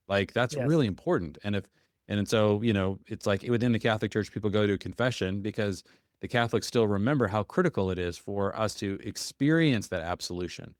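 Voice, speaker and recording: Male podcast host, low voice, earnest and reflective, dry close-mic sound. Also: no room sound. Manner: earnest, reflective, many fillers. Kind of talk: casual faith-based conversation.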